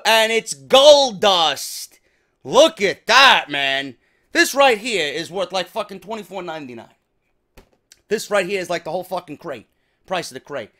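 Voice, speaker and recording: A man with a New York accent hosts a wrestling show, unboxing merchandise in casual chat full of swearing. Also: high voice. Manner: heavy swearing, excitable.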